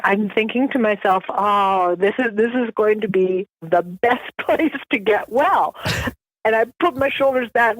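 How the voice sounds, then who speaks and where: A woman guest on an interview show telling personal stories in an animated way, laughing often. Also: a little high, dry recording, poor audio. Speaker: guest author. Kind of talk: storytelling in a podcast interview.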